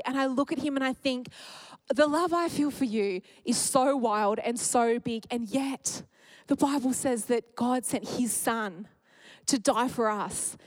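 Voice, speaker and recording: Aussie woman in her 30s preaching, emotional and laughy, kinda high voice, dry close mic. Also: no echo, poor audio. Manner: warm, candid and emotional, laughing often. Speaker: speaker at church. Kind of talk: sermon.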